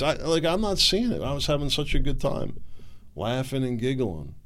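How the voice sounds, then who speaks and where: A man's voice: mid-range voice, very animated, moderate pace, fairly bright tone. A middle-aged man hosting a show, talking in a rambling, folksy way and often stumbling over repeated words. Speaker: podcast host. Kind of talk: casual monologue.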